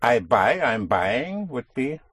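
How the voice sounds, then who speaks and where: A man's voice: mid-range voice, big pitch swings, slow pace, a bit bright, husky, no echo. A man teaching a language lesson, patiently explaining and drilling words, checking in with "yes?" as he goes.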